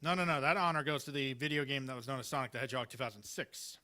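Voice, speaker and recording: A man reads Halloween one-liners at an open mic in a small live venue. He rambles and hesitates, stumbling over fillers and restarts. His voice has a bright, forceful edge. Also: medium pitch, fast.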